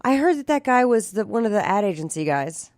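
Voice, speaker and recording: A woman in her forties chatting casually as a podcast guest, animated and quick to laugh. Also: medium pitch, no echo. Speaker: guest, voice actor and comic.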